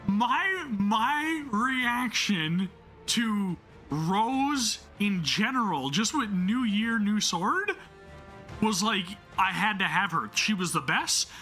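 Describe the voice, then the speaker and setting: A man hosting a gaming channel, reacting excitedly to a game story, swearing, laughing and stumbling over words, and reading narration aloud in between. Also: high-pitched, takes it slowly, faint music behind.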